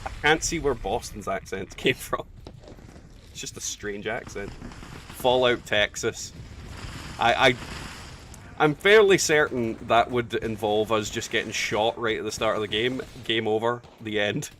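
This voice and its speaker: A man's voice: lowish voice, unhurried. A man chatting casually and bluntly while streaming a game, reading out viewer messages, with some swearing. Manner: chatty, blunt and profane, reading chat aloud. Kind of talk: casual live-stream chat while gaming. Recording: distant mic with loud game noise.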